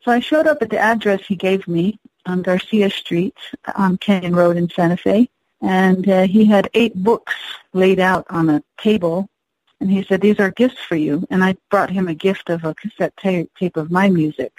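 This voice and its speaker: A singer-songwriter woman from the Navajo Nation, telling an unhurried, reflective story to introduce one of her songs. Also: medium pitch, a little mellow, dry recording, low-quality recording. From Navajo Nation, US Southwest.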